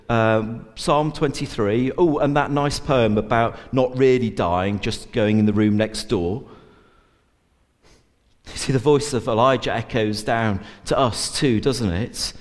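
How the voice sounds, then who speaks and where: A man's voice: mid-range voice, measured pace. A man preaching a sermon in an earnest way, with many fillers and restarts. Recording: long church reverb.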